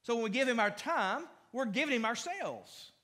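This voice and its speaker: A man's voice: very high-pitched, lively intonation, moderate pace, pushed and bright. A man pastor preaching a conversational sermon in a church, with frequent restarts and fillers. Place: church sanctuary.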